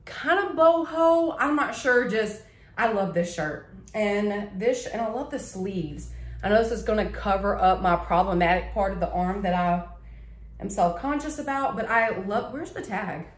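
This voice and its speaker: A woman's voice: mid-range voice, lively intonation, measured pace. A woman chatting casually to camera, gushing about things she bought and tripping over her words. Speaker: vlogger showing a shopping haul. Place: home living room. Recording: echoey room.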